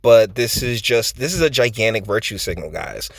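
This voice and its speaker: A man's voice: fairly low pitch, expressive, normal speed, gravelly, slightly rough, no echo. A man hosting his own channel, giving casual spoken commentary with lots of fillers and the odd chuckle. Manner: conversational, loose, with frequent fillers and chuckles. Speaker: channel host.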